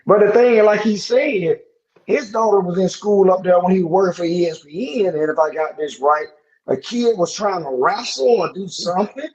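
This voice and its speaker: A man's voice: high-pitched, normal speed, a little mellow, highs cut off. A man co-hosting a podcast in casual chat, talking emphatically and repeating himself. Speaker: podcast co-host.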